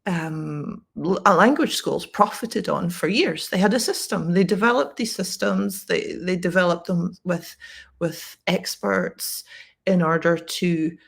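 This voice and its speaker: A woman's voice: lowish voice, unhurried, creaky, husky. A Scottish woman who teaches English, telling a story to camera in a chatty way with lots of fillers and restarts. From Scotland.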